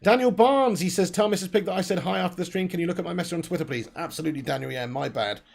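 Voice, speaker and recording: A man's voice: sits high, very fast, gravelly. A man hosting a casual live stream, bantering, laughing and reading out viewers' names. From England. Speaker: host of a fan channel live stream.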